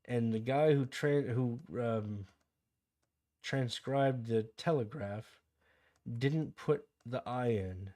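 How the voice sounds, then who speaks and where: Canadian man, game livestream host, chatty and rambling, medium pitch. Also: takes it slowly, dark tone. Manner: rambling, digresses into anecdotes, reads chat aloud. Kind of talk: casual livestream chat about a game.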